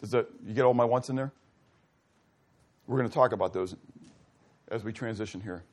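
A male pastor preaches in a relaxed, conversational style, frequently posing questions to his congregation and acting out brief dialogues. His voice sometimes drops low and soft, and he speaks fairly quickly.

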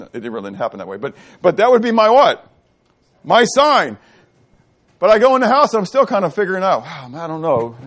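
A middle-aged man preaching a sermon, asking the congregation questions and answering them himself, moving between loud and quiet delivery. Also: on the high side. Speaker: pastor. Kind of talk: sermon teaching.

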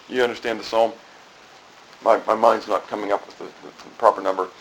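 A man's voice: fairly low pitch, fairly quick, a bit bright, slight background noise, rough recording. A middle-aged man preaching a sermon in a conversational way, asking the congregation questions and often repeating and restarting phrases. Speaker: pastor.

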